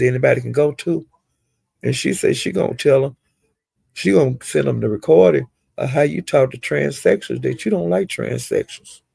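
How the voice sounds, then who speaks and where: A man giving a casual, rambling gossip recap of livestreams, with animated retelling and frequent asides. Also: mid-range voice, creaky, husky, no room sound.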